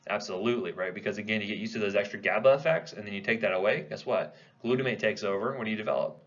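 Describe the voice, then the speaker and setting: A man's voice: on the low side, very fast, highs cut off. A man giving a classroom lecture in a conversational way, posing questions to the class and answering them himself. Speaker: pharmacology lecturer.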